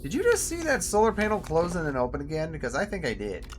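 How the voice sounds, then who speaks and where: A man giving casual commentary while playing a game, chatty and talking to himself, now and then jumping up loud and high when excited. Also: fast talker, faint music behind. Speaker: gameplay video host.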